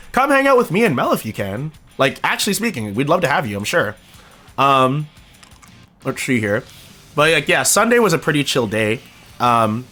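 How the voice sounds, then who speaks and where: A young man from Canada chatting casually with his stream viewers, animated and rambling, with a casual swear here and there. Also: mid-range voice. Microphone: cheap microphone.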